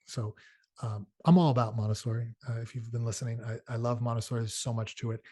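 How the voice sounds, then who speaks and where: A middle-aged man talks casually, as if hosting his own show, in a slightly husky, breathy voice at a middle pitch. He tells stories with plenty of fillers and restarts. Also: mellow. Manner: conversational, storytelling with many fillers and restarts. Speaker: podcast host. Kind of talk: casual solo talk.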